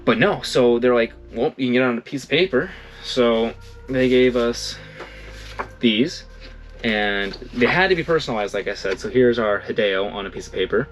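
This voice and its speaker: At a moderate pace, a young man with a mid-range voice vlogs a casual story while faint music plays. He rambles, fixes his own phrasing as he goes, and brings others' remarks to life with animated quoting.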